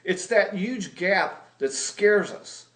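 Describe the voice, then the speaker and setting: A man's voice: high-pitched, expressive, takes it slowly, fairly bright tone, roomy sound. A man giving a humorous, self-deprecating sales lesson, telling stories with comic exaggeration. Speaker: video blogger teaching sales.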